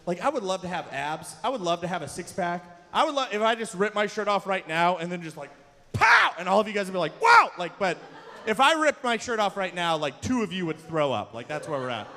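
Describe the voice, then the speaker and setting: Young guy doing standup, high voice, bright and sharp, big shouty bursts. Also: quick pace. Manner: self-deprecating, animated storytelling with sudden shouts. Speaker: stand-up comedian. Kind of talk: stand-up comedy at a live church event. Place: large hall, live event. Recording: long hall reverb from a live venue.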